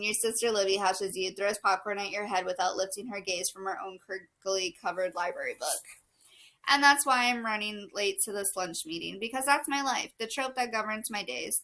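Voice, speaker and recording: Bright-voiced woman reading a novel aloud. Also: medium pitch, low-quality recording. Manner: breaks off to laugh and correct herself. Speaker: book vlogger reading aloud.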